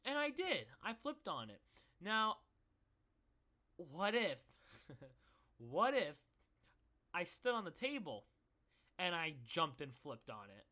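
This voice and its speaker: A young man telling a rambling personal story in a casual, animated way, with many fillers and frequent laughs. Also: sits high, slow, long pauses. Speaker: vlogger.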